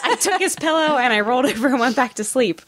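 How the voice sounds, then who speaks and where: A woman's voice: high voice, quick pace. Woman chatting with many ums. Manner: relaxed, many ums while recounting. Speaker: podcast co-host. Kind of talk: casual chat.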